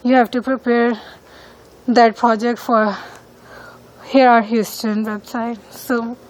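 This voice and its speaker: A woman with a slightly high, level-toned voice speaks slowly in poor audio. She's a student whose first language isn't English, walking outside around her neighborhood and filming on her phone for a casual walking-tour vlog, talking hesitantly with many fillers.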